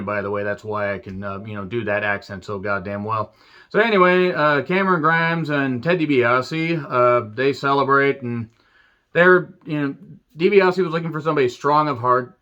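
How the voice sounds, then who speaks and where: Guy doing a wrestling review, crude jokes, bright forceful voice, kinda muffled lo-fi sound. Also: mid-range voice. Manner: crude, joking, goes off on tangents. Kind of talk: casual solo review monologue.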